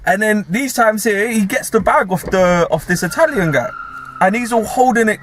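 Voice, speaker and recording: A young man with a London accent telling a story in casual, slangy chat, animated and laughing often. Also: high voice, moderate pace, a little hiss or hum. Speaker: podcast host.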